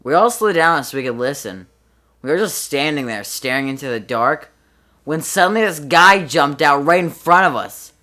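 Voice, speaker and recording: A young man hosting a comedy show, telling a story in a casual, deadpan way. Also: fairly high pitch, normal speed. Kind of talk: storytelling monologue.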